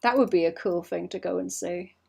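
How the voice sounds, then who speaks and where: A woman's voice: fairly low pitch, fairly quick, gravelly, dark tone, slightly rough. Rambling British woman streaming her art. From Britain. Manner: rambling, self-mocking, often trails off to mutter. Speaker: streaming artist. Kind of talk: casual stream chat while drawing.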